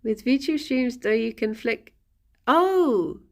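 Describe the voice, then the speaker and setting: A woman's voice: on the high side, animated, slow. A woman streamer chatting casually on a live stream, rambling and often breaking into laughter.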